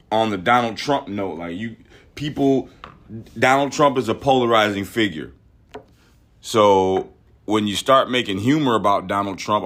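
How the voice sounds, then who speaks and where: A man's voice: lowish voice, fairly bright tone. A man hosting a podcast, giving opinionated political commentary in a profane, ranting way, often stumbling and repeating words. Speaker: podcast host.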